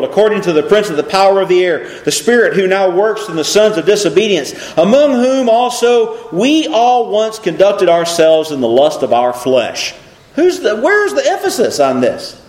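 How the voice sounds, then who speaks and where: A man with a high, reverberant voice preaches a sermon, reading scripture aloud. He speaks in an animated way and puts rhetorical questions to the congregation.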